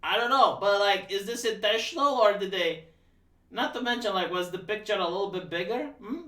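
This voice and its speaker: A high, bright male voice that mocks with dry sarcasm and trips over his own words as he restarts. He sits back from the mic in a room that echoes noticeably. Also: brisk, far from the mic. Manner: sarcastic, mocking, stammering restarts. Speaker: live-stream host. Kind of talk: casual live-stream commentary.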